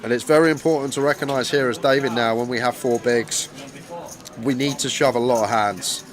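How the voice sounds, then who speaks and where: A man's voice: mid-range voice, fairly quick, crowd noise. A man commentating a poker stream, explaining strategy and chatting with his co-host. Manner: explanatory, stammering restarts when excited. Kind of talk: poker commentary and casual chat.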